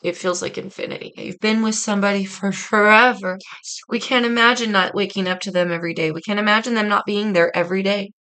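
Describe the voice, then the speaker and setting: A woman's voice: mid-range voice, steady tone, quick pace, bright, forceful tone, smooth, poor audio. A woman reading tarot cards for her viewers in a casual, earnest, reflective way, speaking straight to them. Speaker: tarot reader.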